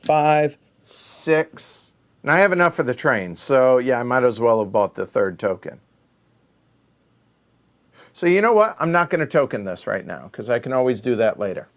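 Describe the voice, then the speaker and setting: Middle-aged male host thinking aloud over a board game, quiet muttered counting, mid-range voice. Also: medium pitch, sing-song, normal speed. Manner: counting aloud under his breath while thinking; muttering, self-correcting. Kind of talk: solo board game play-through.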